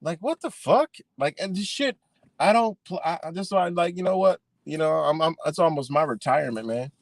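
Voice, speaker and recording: A man's voice: a little high, lively intonation, brisk, dry recording. A man hosting a live stream, ranting in a heated, rambling way with a lot of profanity. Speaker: livestream host. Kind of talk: unscripted live-stream rant.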